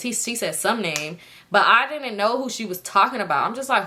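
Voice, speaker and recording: A young woman with a bright, forceful voice tells a personal story straight to her viewers. She talks in loose slang, swears a lot and jumps into the voices of the people she quotes, her delivery animated. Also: a little high, a little fast. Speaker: storytime vlogger.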